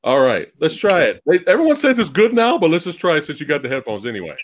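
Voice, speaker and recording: A man in his forties chats casually with his stream audience, laughing often between remarks. His voice sits a little high and swings widely in pitch. He talks into a headphone mic at home. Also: wildly swooping pitch, fast talker. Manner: laughs often, chatty with chat. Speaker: host. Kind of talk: casual livestream chat. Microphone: headphones or earbuds mic.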